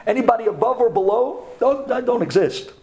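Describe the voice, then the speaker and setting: A man who is a rabbi, telling a personal story to a class in a dramatic storyteller's manner, dropping to a hush at tense moments. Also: very high voice, fairly quick, gravelly, dull audio. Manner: animated, dramatic storytelling with sudden drops to a hush.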